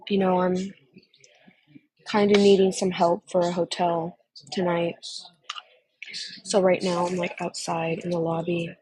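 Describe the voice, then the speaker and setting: A woman's voice: lowish voice, flat delivery, unhurried, long pauses, warm tone, husky, rough recording. A young woman on a casual phone chat, gushing and emotional, calling the listener honey.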